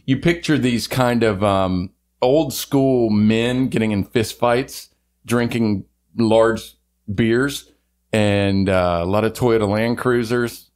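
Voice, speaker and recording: A man's voice: lowish voice, takes it slowly, darkish tone. A man with a faint Southern American accent co-hosting a podcast, talking in a rambling, chatty way. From Southern United States. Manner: rambling, talkative, laughs often. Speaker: podcast co-host. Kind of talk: casual chat.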